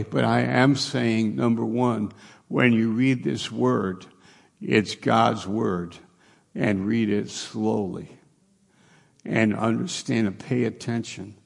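Slow, gravelly middle-aged male pastor. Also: medium pitch. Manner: plain-spoken, repeats points for emphasis. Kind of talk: conversational sermon.

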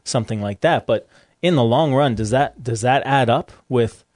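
A man co-hosting a casual discussion, telling stories in a relaxed way and often restarting his sentences. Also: medium pitch, normal speed, no room sound. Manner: relaxed storytelling with frequent restarts. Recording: dry close-mic sound.

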